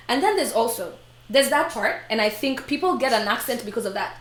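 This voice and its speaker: Lively high-voiced woman chatting. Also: fairly quick. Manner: animated storytelling, acts out quoted voices. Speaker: live stream host. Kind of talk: casual chat. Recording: roomy echo.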